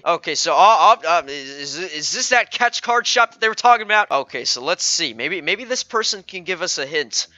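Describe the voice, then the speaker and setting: A man's voice: on the high side, sing-song, moderate pace, bright, forceful tone, no echo, dull audio. A man narrating a video game playthrough in a rambling, jokey way, stammering and repeating words. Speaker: gaming YouTuber. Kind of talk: let's play commentary.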